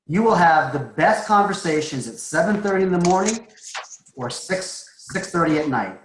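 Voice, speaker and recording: A man's voice: a little high, lively intonation, moderate pace, echoey room, rough recording. A man from Massachusetts coaching recruiters in a casual webinar, chatty and joking, with a schmoozing manner. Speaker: recruiting trainer.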